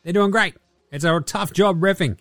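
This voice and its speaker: A man's voice: high voice, normal speed, fairly bright tone, no echo, clean studio sound. An Australian man in his thirties hosting a casual sports podcast, chatty and swearing a lot as he acts out quotes. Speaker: podcast host.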